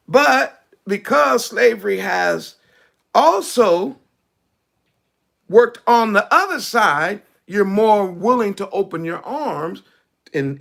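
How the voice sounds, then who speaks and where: A male preacher delivering a sermon in an easy, conversational way. His voice sits high and carries a gravelly crackle. He often sinks his voice low to drive a point home. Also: a bit bright. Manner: conversational preaching, acts out quoted speech, drops his voice low for emphasis.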